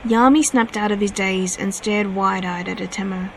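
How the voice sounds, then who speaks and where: A woman's voice: mid-range voice, normal speed, a little hiss or hum, low-quality recording. Woman reading her fanfiction aloud. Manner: steady reading with small self-corrections.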